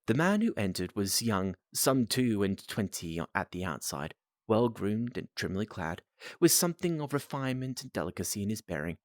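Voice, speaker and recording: A man's voice: on the low side, very animated, moderate pace, no room sound, clean studio sound. A man reading a novel aloud on a live stream, breaking off for casual asides to viewers and restarting lines.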